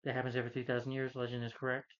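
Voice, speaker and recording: A man's voice: medium pitch, completely flat delivery, rapid-fire, a bit bright, lo-fi sound. A man reviewing a film, casually retelling its plot in a loose, rambling way with plenty of "you know".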